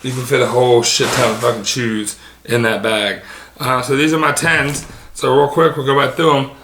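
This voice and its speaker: A man's voice: medium pitch, steady tone, normal speed, echoey room, background noise. A man casually showing off his sneaker collection, rambling and dropping lots of filler ums. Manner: casual, swears offhand. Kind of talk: casual show-and-tell.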